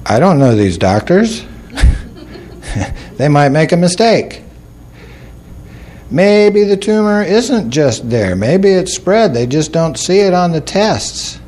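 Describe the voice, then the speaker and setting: A man's voice: high-pitched, sing-song, takes it slowly, pauses often, a little mellow. A man telling folksy, humorous stories to an audience, mocking himself with a dry wit. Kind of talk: storytelling talk to an audience.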